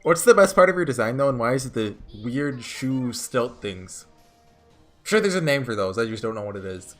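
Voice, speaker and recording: A man's voice: medium pitch, lively intonation, normal speed, fairly bright tone, faint music behind. A man giving chatty let's-play commentary, thinking aloud as he plays. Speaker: gamer.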